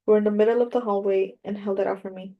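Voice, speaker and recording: A woman giving a measured, even first-person audiobook narration. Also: medium pitch, phone-quality sound.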